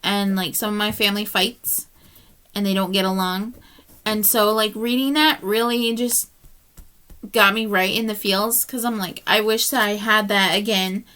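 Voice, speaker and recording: A woman's voice: medium pitch, fairly even intonation, a little slow, bright, forceful tone, clear, resonant tone. A woman reviewing books in a casual vlog, chatty and heartfelt, tired and yawning as she rambles. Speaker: book reviewer.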